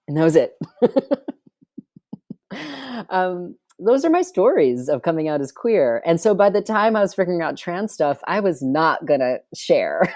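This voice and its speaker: A man's voice: on the high side, big pitch swings, a little slow, a little mellow, no room sound, studio quality. A middle-aged man, a filmmaker guest, telling personal stories in a wry, chatty way full of filler words. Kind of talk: candid personal storytelling.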